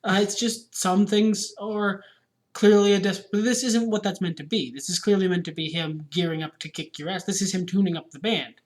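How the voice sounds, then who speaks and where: A man's voice: sits high, steady tone, moderate pace. A man co-hosting a podcast in casual chat, opinionated and ranting, swearing freely. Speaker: podcast co-host.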